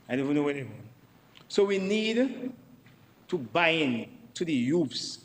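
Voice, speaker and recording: A man's voice: fairly high pitch, big-room sound, slight background noise, poor audio. A Dominican man, a member of parliament, giving an emphatic debate speech in the chamber and repeating himself for stress.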